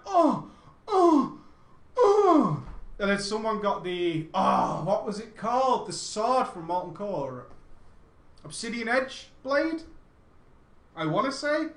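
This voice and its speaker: A man with a fairly high voice spins a rambling, chatty story, doubling back to correct himself and dropping casual swears. The sound rings out in a noticeably echoey room. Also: a bit bright. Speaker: storyteller recounting gaming memories.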